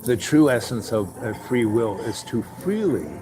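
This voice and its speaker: A man's voice: mid-range voice, big pitch swings, moderate pace, over music. A man hosting his own show, talking in a loose, meandering monologue full of "you know" asides, sometimes acting out little conversations. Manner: acts out little dialogues with raised voice. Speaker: show host. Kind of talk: rambling casual monologue.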